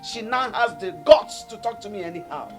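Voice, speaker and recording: A woman's voice: a little high, animated, a little fast, music in the background, natural voice. A Nigerian woman acting as an elder sister who accuses her brother and his wife of insulting her. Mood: indignant. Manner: indignant, accusing. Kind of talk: Nollywood film acting.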